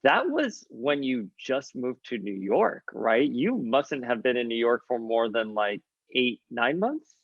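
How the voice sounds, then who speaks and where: Playful Miami-accented host, dull dry sound. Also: male voice, medium pitch, sing-song, no room sound. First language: Spanish. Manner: laughing easily, quick, playful. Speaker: podcast host. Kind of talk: casual chat, interviewing.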